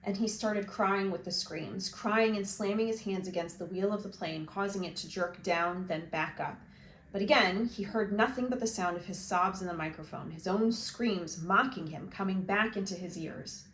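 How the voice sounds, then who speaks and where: A woman reading a novel aloud for a book club, in a measured, expressive storytelling voice. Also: medium pitch. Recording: roomy with faint hiss.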